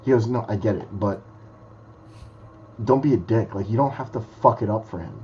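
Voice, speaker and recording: A man's voice: on the low side, fairly quick, lo-fi sound, slight background noise. Blunt, foul-mouthed man telling stories. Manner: blunt, swears freely. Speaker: guest magician. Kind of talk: casual podcast chat.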